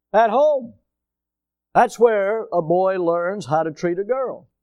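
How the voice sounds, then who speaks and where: A man preaching a sermon as pastor, emphatic, swinging from rising shouts to sudden quiet drops. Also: sits high, clean tone, no echo, highs cut off.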